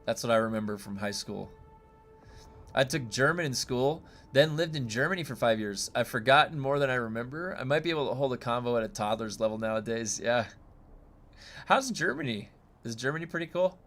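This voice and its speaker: A man's voice: mid-range voice, animated, brisk, a bit bright, soft background music. A man from the United States streaming a game and chatting casually with viewers, rambling with many fillers and restarts.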